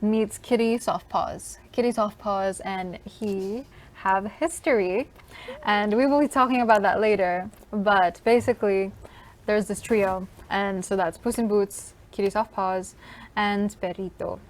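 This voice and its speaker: A woman's voice: medium pitch, fairly even intonation, a little slow. Enthusiastic woman radio host. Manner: enthusiastic, gushing, many "like"s. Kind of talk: casual film review chat.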